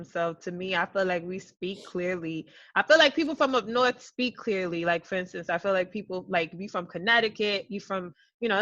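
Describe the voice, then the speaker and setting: Animated New woman hosting. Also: medium pitch. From New York. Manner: animated, laughs often, rambling stories. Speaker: interview host. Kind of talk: casual video-call chat. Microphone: video call. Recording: dull lo-fi sound.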